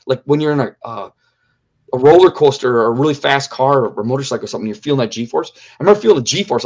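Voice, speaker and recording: Earnest middle-aged man telling his story. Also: medium pitch. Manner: earnest storytelling, repeats key phrases for emphasis. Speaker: interview guest. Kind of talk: personal testimony in an interview.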